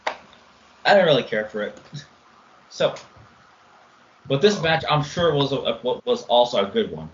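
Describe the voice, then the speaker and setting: A man's voice: mid-range voice, roomy sound. A man hosting a podcast panel in casual chat, teasing others and moving the show along. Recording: dull lo-fi audio.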